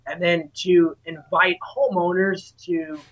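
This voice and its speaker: The guest, a solar sales dealer, explains his work with passion and sincerity in an interview, his high, fairly bright voice slow and steady in tone. The audio is lo-fi and a touch dull.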